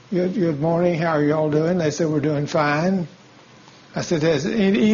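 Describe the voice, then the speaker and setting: High-voiced man preaching a story. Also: darkish tone. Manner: tells stories acting out dialogue, folksy. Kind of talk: sermon storytelling. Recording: dull lo-fi sound.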